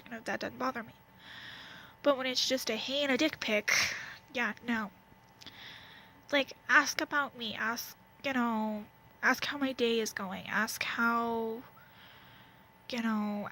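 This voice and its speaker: A woman's voice: fairly high pitch, creaky, bright, forceful tone, a little hiss or hum, poor audio. A young woman with a Southern US accent, venting bluntly to camera at home, rambling with lots of fillers. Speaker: vlogger. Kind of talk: candid casual rant to camera. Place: at home, wrapped in a blanket.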